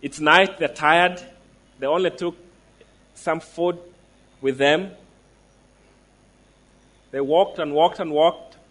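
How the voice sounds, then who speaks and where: Guy preaching a sermon, kinda high voice, slows right down to hit the big lines. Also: steady tone, fairly bright tone. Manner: emphatic, with slow stressed declarations; asks the listeners direct questions.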